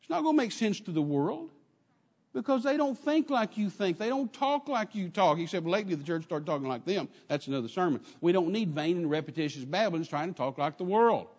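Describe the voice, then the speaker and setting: High-voiced older Texan preacher in reverb. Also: male voice, lively intonation, fairly quick, darkish tone. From Texas. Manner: emphatic storytelling, repeats phrases, calls out to congregation. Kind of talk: sermon. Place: church.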